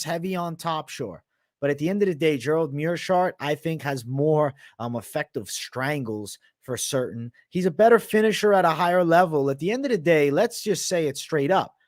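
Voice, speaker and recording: A young man with a mixed Boston and New York sounding accent, hosting a live MMA betting show in a brash, profane, animated way, talking back to live viewers. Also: on the high side, no echo, clean studio sound. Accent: mix of Boston, Canadian and Italian, often heard as New York. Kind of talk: live-stream commentary, casual and profane.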